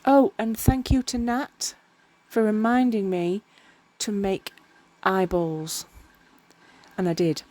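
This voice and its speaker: A woman's voice: medium pitch, steady tone, slow pace, mellow. A tired woman chatting casually while crafting, rambling and often tripping over her words. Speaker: miniature crafter. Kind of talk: casual crafting vlog narration.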